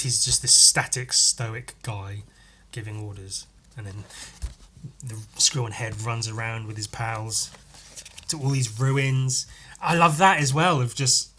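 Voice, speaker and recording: A man's voice: medium pitch, bright, forceful tone, slight background noise. A man hosting a podcast, chatting casually as he reads through a comic aloud, enthusiastic and sweary, laughing often. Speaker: podcast host.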